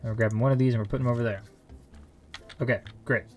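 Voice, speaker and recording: A man's voice: mid-range voice, fairly even intonation, rapid-fire, darkish tone. A man streaming a shop simulator game live, talking to himself with frantic exclamations and silly mild curses over faint music and keyboard clicks. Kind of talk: casual live gameplay commentary.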